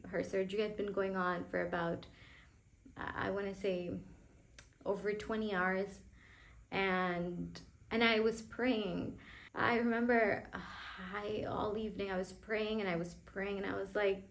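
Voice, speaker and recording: A young woman vlogger telling a painful personal story, emotional and halting, with frequent restarts. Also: mid-range voice, fairly even intonation, gravelly, poor audio.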